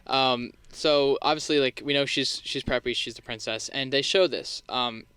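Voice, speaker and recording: A man's voice: mid-range voice, normal speed, clean tone, no echo. A young man co-hosting a podcast, chatting casually about a film with lots of fillers. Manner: relaxed, chatty, many fillers. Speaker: podcast co-host.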